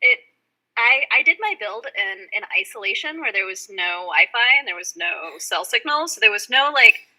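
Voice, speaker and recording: A young woman with a strikingly bright, sharp tone tells rambling stories in a relaxed podcast chat. She slips into acted-out quotes as she goes. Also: medium pitch, normal speed, poor audio. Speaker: guest van dweller.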